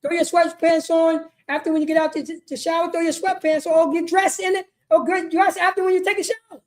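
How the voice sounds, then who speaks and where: In a meeting hall, a woman with an extremely high, flat voice speaks a little fast. She teaches a religious law class as an emphatic, repetitive street-style sermon and keeps asking "you know what I mean."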